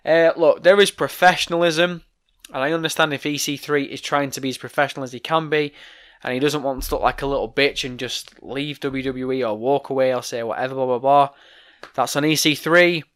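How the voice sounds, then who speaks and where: A young man hosting a solo wrestling news vlog, ranting with heavy swearing while his voice goes hoarse. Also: mid-range voice, fairly even intonation, a little fast, a bit bright. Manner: profane, ranting, fired-up opinions. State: voice going hoarse.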